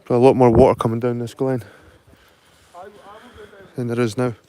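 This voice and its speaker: A man's voice: medium pitch, flat delivery, a little fast, dark tone. A Scottish man talks casually as he walks through a wooded glen. He is wry, makes joking asides and swears now and then. The sound comes from a handheld camera out of doors. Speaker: vlogger. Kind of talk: casual walking commentary.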